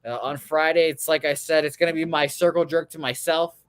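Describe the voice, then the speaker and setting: A man's voice: fairly high pitch, fairly even intonation, brisk, clear, resonant tone, no echo. Profane, joking young male radio host. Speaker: sports betting show host. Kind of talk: casual sports radio chat.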